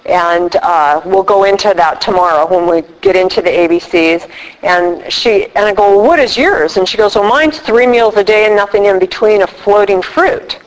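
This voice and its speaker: Animated woman telling stories in a hall. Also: mid-range voice, normal speed. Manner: animated storyteller acting out dialogue. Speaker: workshop speaker. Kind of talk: recovery workshop talk. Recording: reverberant hall.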